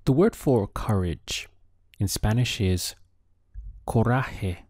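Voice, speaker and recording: A man giving a language lesson in a slow, deliberate way, spelling out each phrase with care. His voice sits a little low. The sound is dry and close, with no room around it. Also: darkish tone, no room sound. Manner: slow, careful enunciation of phrases. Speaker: language teacher.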